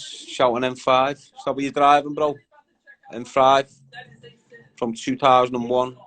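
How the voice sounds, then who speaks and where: A man's voice: medium pitch, a bit bright, low-quality recording. A young man hosting a casual live stream, bantering with viewers in a slangy, chatty way. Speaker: livestream host.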